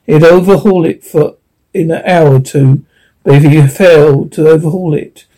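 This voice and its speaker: A man narrating an audiobook in an unhurried way, with some stumbles and restarts. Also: a little high, mellow, poor audio.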